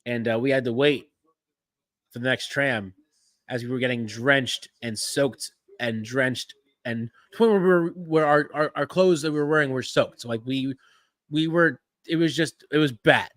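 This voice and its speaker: A man hosts a casual live-stream chat, talking through whatever is on screen. He rambles and restarts his sentences, chuckling now and then, in a voice of ordinary pitch. His sound is dry and close, with no room around it. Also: normal speed, a bit bright, dry recording. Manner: rambling, restarts and "yeah, no" fillers, easy chuckles. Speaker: podcast host.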